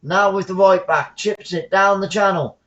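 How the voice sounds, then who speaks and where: Southern English man, fan commentator, higher-pitched, excitable, muffled lo-fi mic. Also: moderate pace. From England. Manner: excitable, shouts on goals, chatty asides. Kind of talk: live football commentary.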